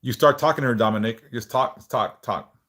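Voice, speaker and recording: At a normal speed and in a mid-range voice, a man hosting a livestream guides prayers, then chats in a relaxed way. He reads the chat aloud and swears here and there. He speaks about stuttering and repeats some words.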